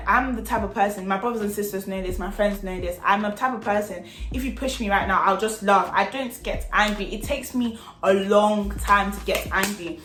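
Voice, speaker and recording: A young woman telling a storytime vlog in an animated, slangy, chatty way. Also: mid-range voice, moderate pace, hardly any pauses, reverberant, faint music behind. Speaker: vlogger.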